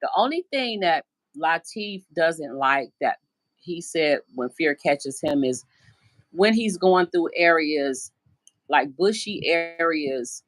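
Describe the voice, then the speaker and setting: A woman's voice: low voice, lively intonation, slow, no echo. A middle-aged American woman hosting a casual live stream from home on her phone, rambling through stories and acting out the voices of people she quotes. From United States. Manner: chatty, rambling storyteller who acts out quoted voices. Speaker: livestream host. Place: at home indoors.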